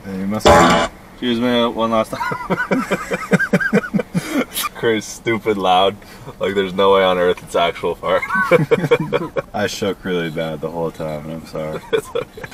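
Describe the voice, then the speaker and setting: A man's voice: deep voice, fairly even intonation, a little slow, long pauses. A man chatting casually outdoors, giggling and laughing through his words. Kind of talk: casual joking chat. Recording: noisy outdoor recording.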